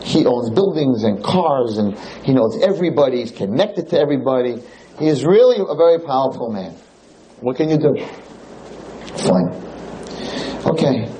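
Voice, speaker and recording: A man's voice: medium pitch, normal speed, long pauses, a little hiss or hum, rough recording. A man, a rabbi, telling a story in a lecture and acting out the other people in it. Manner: animated storyteller, acts out quotes.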